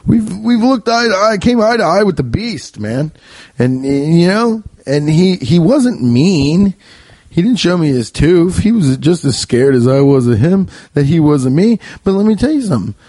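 Man, podcast host, profane comic rambling, mellow tone, dry close mic. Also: normal speed, dry recording. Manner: rambling, profane, animated, often jumping high. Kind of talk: comedic storytelling.

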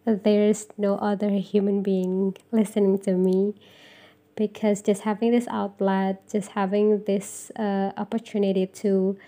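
A woman's voice: mid-range voice, vocal fry, dark tone. A young woman from Indonesia with an Indonesian accent, rambling through a self-deprecating solo podcast intro with lots of ums. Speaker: podcast host. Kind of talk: casual solo podcast monologue.

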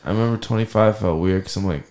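A man's voice: on the low side, darkish tone. Easygoing, teasing man in his twenties. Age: 20s. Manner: easygoing and teasing, quick to laugh. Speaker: podcast co-host. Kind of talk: casual podcast chat.

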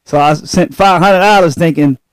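A middle-aged man in casual chat with friends, telling stories in a relaxed way and laughing often. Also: on the high side, normal speed, clear, resonant tone, dry recording. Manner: laid-back storyteller, laughs often, trails off.

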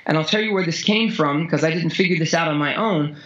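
A man coaching a guest in conversation, blunt and heavy on swearing, telling stories intensely with sudden jumps in pitch. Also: quick pace, fairly bright tone, lo-fi sound.

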